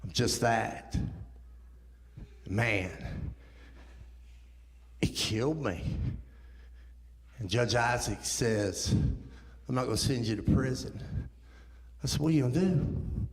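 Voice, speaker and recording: A man's voice: mid-range voice, takes it slowly, long pauses. Impassioned man telling his story in a roomy hall. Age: 30s. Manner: impassioned storytelling, rising to near-shouting at peaks. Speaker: guest speaker. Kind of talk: testimony talk. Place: church sanctuary. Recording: roomy church hall reverb.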